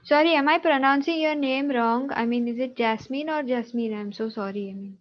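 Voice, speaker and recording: A woman's voice: sits high, brisk, highs cut off, faint music behind. A woman math teacher, patiently checking students' answers in an online class over a video call.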